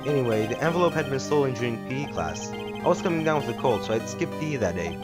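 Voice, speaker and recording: A man voicing a young lawyer quietly recounting a childhood memory in a game. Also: mid-range voice, lively intonation, quick pace, loud music behind the voice, lightly acted. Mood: wistful.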